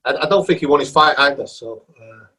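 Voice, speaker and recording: A man hosting a podcast, talking casually in a halting, rambling way. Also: mid-range voice, sharp tone, rough recording. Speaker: podcast host.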